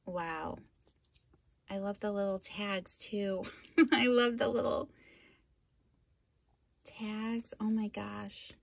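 Slow, gushing woman opening craft mail. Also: medium pitch, no room sound. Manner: gushing, exclamatory, breathy asides. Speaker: craft channel host. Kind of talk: unboxing vlog.

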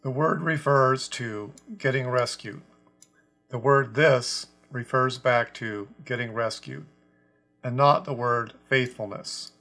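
A man teaching a scripture lesson about a translation, speaking deliberately and stressing quoted words. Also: medium pitch, steady tone, pushed and bright. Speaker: Bible teacher.

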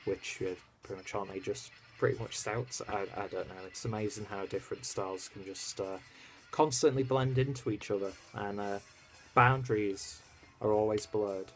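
A man's voice: lowish voice, steady tone, normal speed, soft background music. Rambling man reviewing beer. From United Kingdom. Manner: rambling, filler-heavy, easygoing. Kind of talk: casual beer review vlog. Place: at home in Germany.

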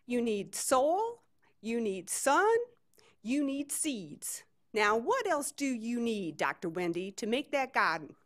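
A woman voicing a flustered Southern woman gardener with a shrill, high voice and a Southern accent. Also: big pitch swings, slow. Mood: folksy lecturing.

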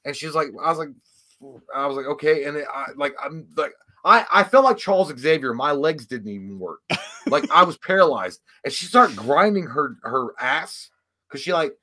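High-voiced man telling a rowdy story. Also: animated, moderate pace. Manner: rambling, profane, acts out voices loudly. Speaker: podcast co-host. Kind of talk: casual storytelling chat.

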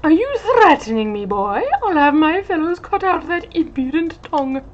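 A woman's voice: high-pitched, sing-song, moderate pace, highs cut off, a little hiss or hum, voice pushed up. A woman voicing a pompous, foppish male pirate captain in a video game playthrough, gloating in flowery villain speech. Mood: haughty.

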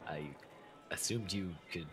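A man's voice: sits low, measured pace, background noise. A man playing a tabletop game, speaking in a dry, hesitant way. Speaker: player. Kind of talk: tabletop role-play.

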